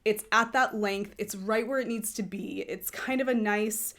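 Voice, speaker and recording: Woman, knitting podcast host, casual chat, rambling, self-correcting, middle pitch. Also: normal speed, fairly bright tone.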